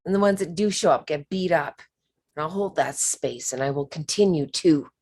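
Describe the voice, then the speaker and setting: A woman leading a spiritual workshop, talking slowly and emphatically and sometimes dropping to a whisper. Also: low-pitched, a little mellow, husky. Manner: slow, emphatic, drops to whispers. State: emotional. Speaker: workshop leader.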